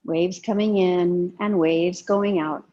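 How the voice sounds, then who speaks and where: A woman teaching a yoga and breathing class, giving calm, gentle cues with soft pauses. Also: on the low side, dull audio. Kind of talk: guided yoga and breathing instruction.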